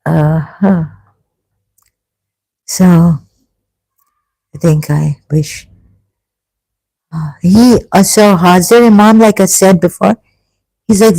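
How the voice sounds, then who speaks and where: A vlogger talking through an emotional personal monologue, halting and sighing, with frequent restarts, stopping to read passages aloud. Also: medium pitch, vocal fry, warm tone, dry recording, poor audio. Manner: reads passages aloud between remarks.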